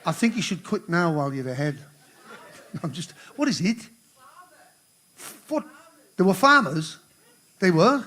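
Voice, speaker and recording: A man's voice: high voice, sing-song, measured pace, pauses often, pushed and bright. An older man, joking and rambling between songs as he hosts a live charity concert on stage. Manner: rambling, swearing, joking with the crowd. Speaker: musician hosting a charity concert.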